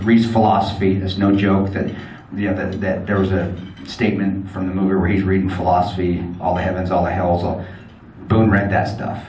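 A man's voice: deep voice, darkish tone, a little hiss or hum. A man giving a speech to an audience, telling a war story in a blunt, joking, swaggering way. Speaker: guest speaker. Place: event hall. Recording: echoey hall from far off.

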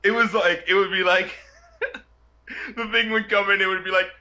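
A man hosting a casual chat, telling stories in an animated way and often breaking into laughter. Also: high voice, moderate pace. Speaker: music video reviewer and show host.

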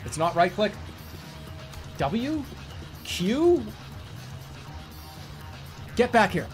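This streamer has a high, very animated voice and talks very slowly as he commentates his gameplay. Loud game music plays behind him while he swears in exasperation and laughs at how broken the game is.

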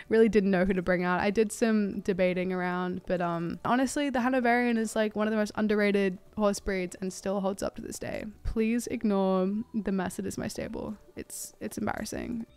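A young Australian woman giving excited, gushing commentary as she plays a horse-riding game, full of "oh my god" and "like". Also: medium pitch, smooth, dry recording. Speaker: gaming YouTuber. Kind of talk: casual gameplay commentary.

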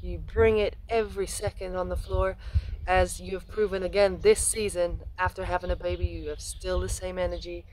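A man's voice: sits high, flat delivery, normal speed, a little mellow, a little hiss or hum, low-quality recording. A man sending a teasing, then fervent video message to a teammate.

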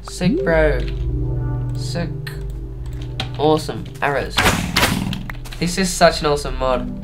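A man's voice: fairly high pitch, over loud music. A young man giving casual, rambling commentary while playing a video game. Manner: rambling, unhurried, thinking aloud. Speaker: let's play gamer.

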